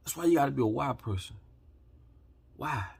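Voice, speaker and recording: Husky man ranting, heated and profane. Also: medium pitch, lively intonation, normal speed. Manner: heated, profane, preachy, swings from quiet to shouting. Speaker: channel host. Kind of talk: impassioned rant to camera.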